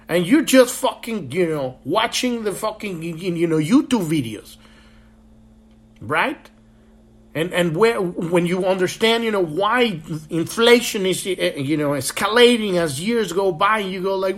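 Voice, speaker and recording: A man hosts a spiritual podcast and speaks a little higher than most men. He talks in a long, rambling, impassioned monologue, swearing freely as he presses his points on the listener. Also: expressive, normal speed. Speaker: podcast host.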